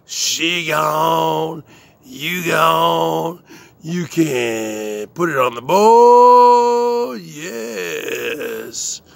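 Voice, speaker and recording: A man hosting his own show, delivering a slow, boastful rant full of drawn-out catchphrases and chuckles. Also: a little high, gravelly. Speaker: host.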